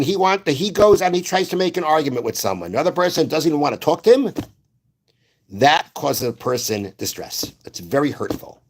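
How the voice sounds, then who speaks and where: Hombre que explica con calma y repite frases. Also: male voice, a little high. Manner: explains slowly, repeats phrases, quotes Hebrew verses. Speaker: rabbi. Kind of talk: Torah class.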